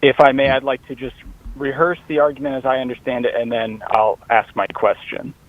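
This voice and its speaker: A man's voice: mid-range voice, level tone, a little fast. Caller guy on a thin phone line, earnest, kinda formal. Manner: earnest, formal, reads out an argument. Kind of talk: phone call to radio show.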